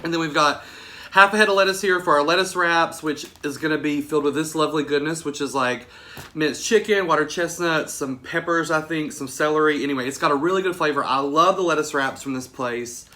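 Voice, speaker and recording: A young man with a Southern American accent hosting a solo mukbang vlog, chatty and excited, saying "y'all" again and again. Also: a little high, brisk. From Southern United States. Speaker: podcast host.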